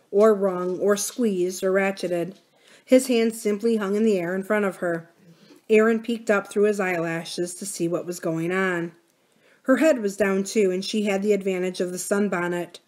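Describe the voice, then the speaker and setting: A woman reads a novel aloud for a library's reading series. Her pitch sits in the middle range, and she raises her voice a little whenever a character speaks. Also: darkish tone. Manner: gives characters' lines a raised, livelier voice. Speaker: library reader.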